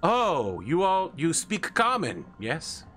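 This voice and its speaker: A man voicing a fussy male goblinoid clerk who sounds chirpy and officious in a high, loud voice. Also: huge pitch swings, takes it slowly, a little hiss or hum, full character voice.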